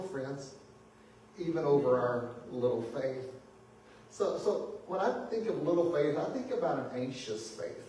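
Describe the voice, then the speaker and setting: Man preaching in a roomy, echoey church. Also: slight background noise. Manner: lively preaching that swings from booming exclamations to hushed asides, with chuckles. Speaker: pastor. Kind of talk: sermon. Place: church sanctuary. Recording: echoey hall, mic at a distance.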